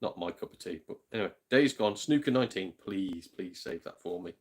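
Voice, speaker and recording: Gaming host, British man, slightly low voice, loose rambling live-chat delivery. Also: animated, fairly quick, slightly rough. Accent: British English. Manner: chatty, rambling, swears mildly, drops to a hush. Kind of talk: casual live-stream chat. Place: home.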